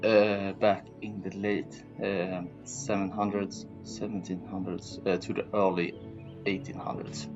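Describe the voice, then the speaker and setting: Brief: male student presenter, hesitant, slow, low voice, muffled. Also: little pitch movement, over music. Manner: hesitant, many filler pauses. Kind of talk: reading a school presentation.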